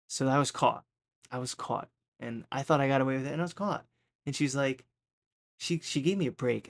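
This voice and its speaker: A man's voice: mid-range voice, creaky. A man casually telling a rambling personal story, often tagging his sentences with "right?". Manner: rambling, keeps asking "right?".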